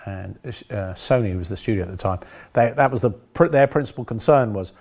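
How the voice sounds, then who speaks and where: Director guy, lowish voice, rambling funny stories in an interview. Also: brisk, a little mellow. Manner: rambling, anecdotal, dry humor. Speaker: film director. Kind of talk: interview anecdotes.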